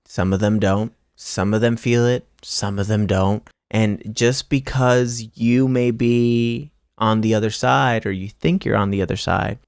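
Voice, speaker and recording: A man's voice: lowish voice, gravelly, clean tone, dry recording, studio quality. A man hosting an astrology channel, giving a casual spiritual pep talk to viewers, emphatic and repetitive, with restarts and casual swearing.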